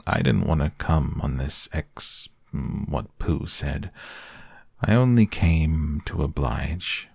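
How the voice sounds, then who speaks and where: A man voicing a gloomy old donkey who grumbles in a slow, flat, sulky drawl, in a storybook reading. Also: extremely low pitch, creaky, husky, no room sound, studio quality, heavily acted.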